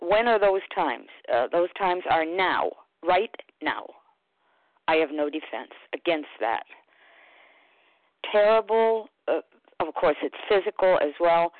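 A woman from Connecticut sharing at a recovery meeting by phone, emotional and expressive, given to exclaiming. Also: on the low side, no room sound. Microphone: phone call. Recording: tinny dry phone line.

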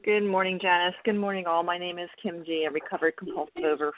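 A woman from South Jersey sharing at a recovery meeting in a measured, reflective way. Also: on the low side, level tone, far from the mic, a little hiss or hum. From South Jersey, USA. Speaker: meeting participant. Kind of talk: recovery share. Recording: tinny dry phone line.

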